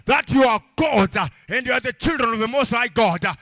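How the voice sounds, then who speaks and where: A man preaching a fervent sermon as pastor, chanting and shouting his phrases, then dropping to quiet pleading. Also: very high voice, fairly quick, no echo. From Africa.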